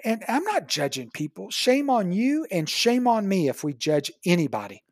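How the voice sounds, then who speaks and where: A woman's voice: medium pitch, moderate pace. A woman dentist telling patient stories in casual conversation, acting out the dialogue. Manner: animated storyteller, acts out quoted dialogue. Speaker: dentist, podcast guest.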